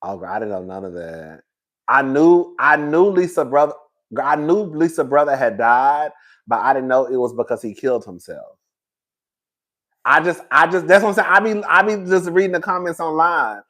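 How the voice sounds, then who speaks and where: Animated trash-talking reality TV commentator. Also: male voice, fairly high pitch, normal speed. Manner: animated, swearing, says girl constantly, laughs. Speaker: host.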